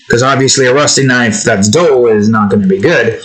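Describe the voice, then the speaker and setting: A man chatting casually while he draws, rambling through off-topic asides and swinging into animated mock rants. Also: mid-range voice, normal speed, poor audio. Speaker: art vlogger. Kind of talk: casual chat while drawing.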